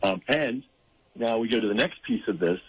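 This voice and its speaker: A man speaking as an interview guest, earnest and halting, with frequent fillers and restarts. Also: fairly low pitch, animated, slightly rough, low-quality recording. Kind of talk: conversational interview.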